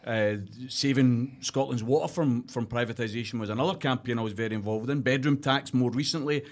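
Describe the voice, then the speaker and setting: A middle-aged Scottish politician talks as a podcast guest. He is articulate and confident, with a reflective edge. His voice is mid-pitched. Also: steady tone, fairly quick, darkish tone. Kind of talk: interview chat.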